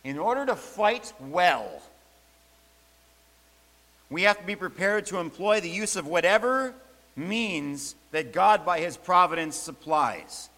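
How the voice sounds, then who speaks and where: Guy preaching a sermon, kinda high voice, hammers his points, echoey church hall. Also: animated, slow pace, sharp tone. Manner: emphatic, repeats key phrases. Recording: long hall reverb.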